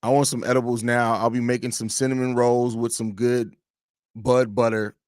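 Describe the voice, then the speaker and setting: A man's voice: mid-range voice, flat delivery, moderate pace, darkish tone, no room sound, studio quality. A man hosting a casual live-stream sports talk show from home, opinionated and rambling, often restarting his sentences. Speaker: host of a basketball fan podcast.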